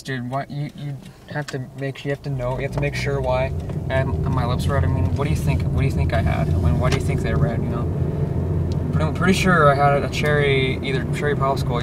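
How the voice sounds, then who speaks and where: A teenage guy vlogging casually from his car, rambling with many restarts and fillers. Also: medium pitch. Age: teens. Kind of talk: casual daily vlog. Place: inside a car. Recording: distant mic with loud car noise.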